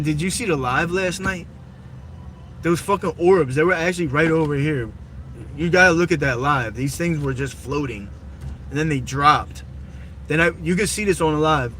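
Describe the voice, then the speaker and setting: A man chatting profanely with his live chat as he drives, recorded on a phone in a moving car. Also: fairly high pitch. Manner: rambling, profane, reads chat aloud. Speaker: livestreamer. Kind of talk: casual live-stream chat while driving. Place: inside a car while driving. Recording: loud road noise in a moving car.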